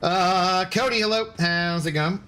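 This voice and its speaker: With a high-sitting, sharp yet clean voice, a man takes his time while streaming a game, reading out chat messages and trading sarcastic banter with viewers. Faint background music plays.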